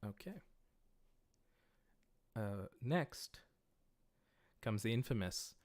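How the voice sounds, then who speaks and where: A man with a fairly low voice and an American accent teaches a livestreamed language class. He explains each step patiently as he writes, often pausing on "uh" and "um". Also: lively intonation, darkish tone. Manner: patient, plain explanations with frequent "uh" and "um". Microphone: livestream microphone.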